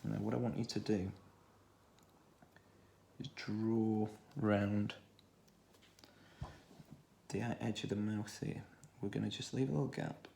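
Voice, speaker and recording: A man with a Stoke-on-Trent accent, talking through a children's drawing tutorial in a relaxed way, thinking aloud as he draws. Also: on the low side, takes it slowly, vocal fry, long pauses, slight background noise. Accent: Stoke-on-Trent English. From England. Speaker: art tutor.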